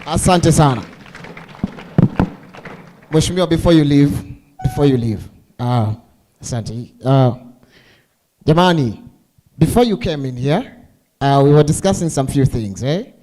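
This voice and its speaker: Emcee guy joking around w the crowd, teasing, kinda high mellow voice. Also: lively intonation, a little slow, long pauses, low-quality recording. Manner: playful, teasing, asks the crowd questions. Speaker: master of ceremonies.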